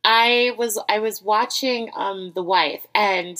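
A woman's voice: medium pitch, takes it slowly, pushed and bright. An American woman hosting an interview, chatting eagerly with plenty of fillers. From United States. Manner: enthusiastic, many fillers and restarts. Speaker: podcast host. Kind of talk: casual interview chat.

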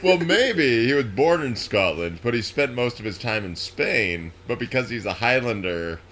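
A man's voice: medium pitch, animated, normal speed, a crowd in the background. A man, a podcast guest, chatting casually and teasing the host with jokes and mock voices. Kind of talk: casual chat.

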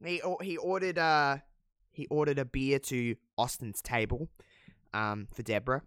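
A podcast co-host casually runs through a wrestling show, his medium-pitched voice smooth, a bit bright, and steady in tone at a normal speed. He chats away, curses freely, uses plenty of fillers, and laughs at his own jokes. The sound is clean studio audio with no room sound.

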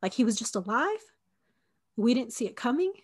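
A woman's voice: a little high, very animated, moderate pace. Young woman telling a story, chatty and casual. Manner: conversational, frequent "like" and fillers, acts out quoted dialogue. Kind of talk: personal storytelling podcast.

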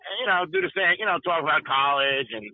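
A man's voice: fairly high pitch, expressive, narrow, tinny audio. A man hosting sports radio, telling wisecracking stories and quoting the people in them in casual banter. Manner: storytelling, wisecracking, quick to quote people.

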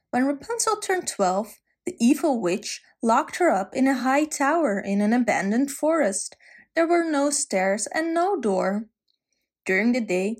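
A woman telling a fairy tale gently, with asides to the listener. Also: on the high side. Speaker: storyteller.

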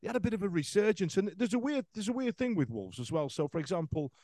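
A man's voice: sits high, big pitch swings, quick pace, warm tone, no room sound. A man hosting a football podcast in casual chat, rambling with many restarts. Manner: rambling, lots of restarts and fillers.

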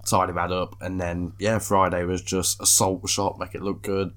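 A man's voice: deep voice, little pitch movement, moderate pace, a bit bright. A man who runs a shop, co-hosting a podcast in casual chat with dry, joking asides. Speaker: podcast co-host, shop owner.

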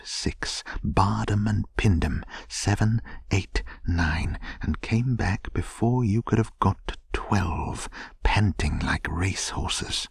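A man narrating a soothing bedtime story in a soft, hushed half-whisper. His deep voice is gravelly and husky, and the recording is dry and close. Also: slow, no room sound.

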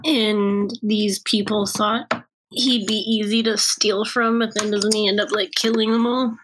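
A woman's voice: medium pitch, flat delivery, unhurried, noisy background. A young woman co-hosting a podcast, rambling in casual chat, swearing and laughing often. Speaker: podcast co-host.

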